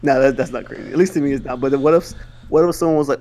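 A man's voice: medium pitch, racing, dark tone. A young man chatting casually, teasing his friend with pointed questions and stammering restarts. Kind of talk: casual chat.

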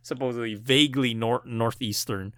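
A man co-hosting a film podcast, talking casually and rambling through his thoughts with plenty of "like" and "you know." His voice is bright and forceful, at a middle pitch. The sound is dry and close, with no room around it. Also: fairly even intonation, normal speed, dry recording. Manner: rambling, many fillers and restarts, laughs often. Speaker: podcast co-host.

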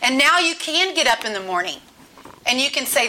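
A woman gives a chatty sermon as a Bible teacher, leaning on repeated phrases for emphasis. Her voice sits high and rings bright and forceful. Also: big pitch swings, a little fast. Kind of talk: conversational sermon.

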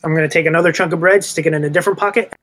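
Higher-voiced, laid-back game player. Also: male voice, racing. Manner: relaxed, joking, laid-back. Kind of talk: casual tabletop play.

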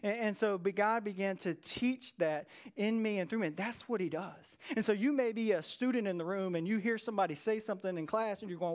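Male pastor, high-pitched, lively conversational sermon delivery. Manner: energetic, conversational preaching with dramatic pauses.

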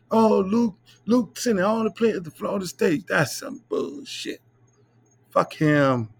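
A middle-aged man hosting a podcast, telling profane stories in a loose, animated way. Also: fairly high pitch, vocal fry, no room sound. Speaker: podcast host. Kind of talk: casual storytelling monologue.

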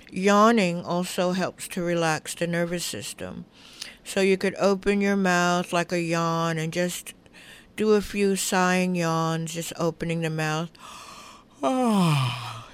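A middle-aged woman calmly teaching relaxation through humming, toning and breathing, giving unhurried, soothing guidance. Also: on the low side, clean tone. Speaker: wellness teacher. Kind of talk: guided relaxation instruction.

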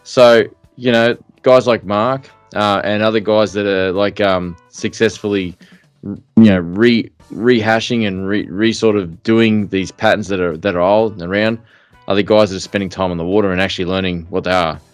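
A deep, low-pitched man in his middle years, talking fishing on a podcast. His speech rambles through fillers and restarts, but he is blunt and direct. The recording is dry and close, with faint music underneath. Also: steady tone, moderate pace, dry recording. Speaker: podcast co-host. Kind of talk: casual chat.

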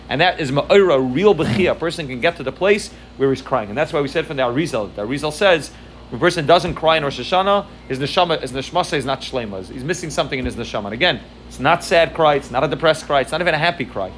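A man's voice: fairly high pitch, fast talker, a bit bright, a little hiss or hum. A man teaching a religious class, earnest and repeating words as he searches for his phrasing. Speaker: Torah teacher.

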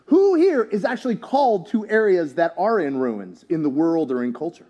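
High-voiced animated joking preacher man. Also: moderate pace. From US, town near country. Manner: animated, joking preacher who shouts at peaks. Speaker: pastor. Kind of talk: sermon.

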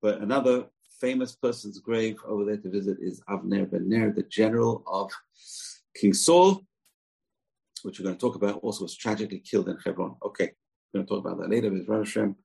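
A man's voice: on the low side, brisk, creaky, a little mellow, slightly rough, low-quality recording. A man teaching a scripture lesson in a chatty, digressive way, with side comments. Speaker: Torah teacher.

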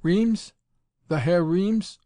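A man voicing an excitable young male lab assistant, speaking stilted, agitated English in an audiobook. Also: a little high, normal speed, no room sound, pitched above the performer's own voice, close to an everyday voice. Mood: startled. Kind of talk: audiobook character voice.

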